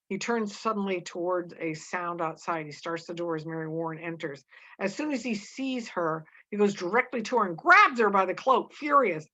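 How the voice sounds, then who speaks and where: A woman teacher reading a play aloud and explaining it in a casual, halting way, in a dull lo-fi recording. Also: lowish voice, bright, forceful tone. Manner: casual, halting, with many fillers and restarts.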